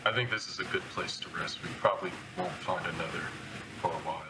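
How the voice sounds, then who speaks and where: Deep-voiced man playing a tabletop game. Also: fast talker, background noise. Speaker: player. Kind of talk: in-character tabletop play.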